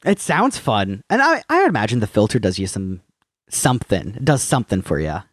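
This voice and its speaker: Podcast co-host, male, lively pitch that swings up high, swears a lot, dry close mic. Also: brisk, no room sound. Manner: animated, swears freely, acts out movie scenes in silly voices. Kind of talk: casual chat.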